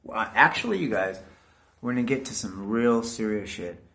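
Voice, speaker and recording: A vlogger talks casually to his viewers in a rambling monologue, swearing often and constantly calling everyone "dude." His voice sits on the low side and sounds animated, pushed and bright, at a moderate pace.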